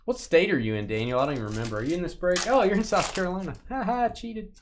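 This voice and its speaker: A man's voice: high-pitched, fast talker, noisy background. A man hosting a live sports card break stream, chatting casually, joking and rambling with a co-host and viewers. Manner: joking, rambling, reads viewer chat aloud.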